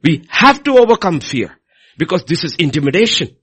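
Middle-aged man, husky, lively pulpit preacher with big swings in delivery. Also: a little high, a little fast. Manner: animated, swings between loud emphasis and quiet asides. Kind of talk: sermon.

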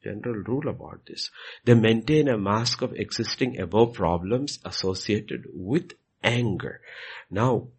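With a husky, fairly low voice at a measured pace, a man responds to questions as a pastor in a Q&A teaching. He repeats himself for emphasis and acts out the questions as he quotes them.

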